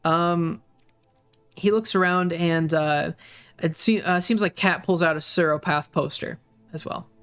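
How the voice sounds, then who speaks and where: A man's voice: on the high side, measured pace, a bit bright, smooth, faint music behind. Hesitant man running a tabletop game. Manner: hesitant, many fillers while narrating. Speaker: game master.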